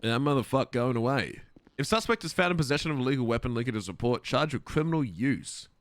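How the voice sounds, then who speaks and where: A man voices a police officer in an online role-play, chatting casually and swearing as he goes. His pitch swings widely and his voice sits dry and close to the mic. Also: fast talker, dry recording. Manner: animated, swears freely, laughs often. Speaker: streamer playing a police officer.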